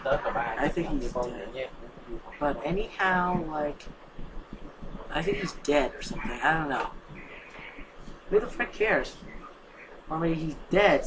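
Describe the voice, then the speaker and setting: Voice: medium pitch, background noise. A young reader narrating fan fiction casually, with rambling asides and slang. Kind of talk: casual story reading.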